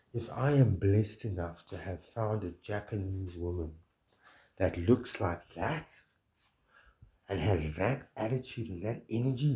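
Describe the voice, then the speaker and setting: A man's voice: lowish voice, mellow. A man delivering a rambling, grandiose monologue, preachy and swearing often.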